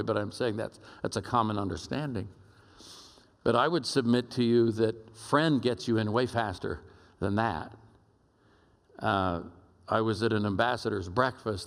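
A man giving a sermon in a conversational, storytelling way with lively asides. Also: mid-range voice. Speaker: speaker. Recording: long hall reverb.

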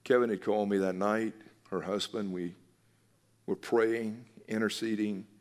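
Earnest preacher man, low voice, echoing hall. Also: fairly even intonation, unhurried. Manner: earnest, emphatic preaching with repeated phrases. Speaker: pastor. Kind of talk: sermon.

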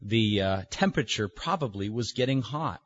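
Slow, emphatic husky male preacher. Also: on the low side, animated. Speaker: pastor. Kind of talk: sermon. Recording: dull lo-fi recording.

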